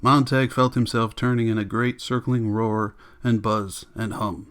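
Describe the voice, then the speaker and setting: A man narrating an audiobook in a measured, steady reading voice. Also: lowish voice. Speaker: audiobook reader.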